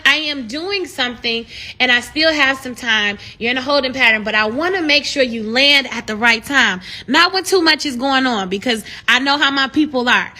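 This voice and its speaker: Woman, high bright voice, casual live-stream talk, animated and preachy, rises to excited shouts. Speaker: live streamer encouraging viewers.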